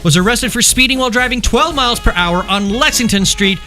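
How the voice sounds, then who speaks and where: A man's voice: very high-pitched, fairly quick, sharp tone, soft background music. A man co-hosting a casual podcast, dry and matter-of-fact. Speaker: podcast co-host. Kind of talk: casual group chat.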